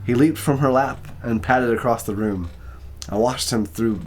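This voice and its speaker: A man's voice: lowish voice, normal speed. An exhausted man reading a short story aloud for ASMR, stumbling over words and apologizing.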